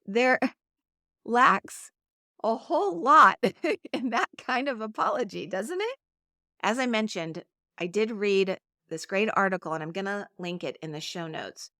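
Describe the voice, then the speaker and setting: A woman's voice: mid-range voice, lively intonation, a little slow, bright, forceful tone, no room sound, studio quality. A middle-aged woman hosting a solo podcast, talking in an earnest, conversational coaching tone. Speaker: podcast host.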